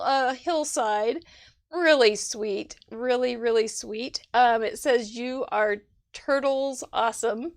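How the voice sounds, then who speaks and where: A woman hosts a live crafting show over a video call, laughing often as she gushes over cards from viewers in casual livestream chat. Her voice is high-pitched, with clean studio sound and no room noise.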